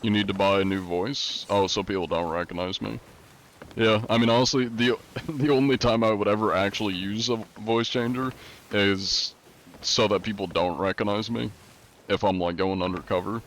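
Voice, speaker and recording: A young adult man livestreaming, chatting casually with his viewers in a relaxed, rambling way with many fillers. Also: fairly low pitch, moderate pace, a little hiss or hum. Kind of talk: casual chat with stream viewers.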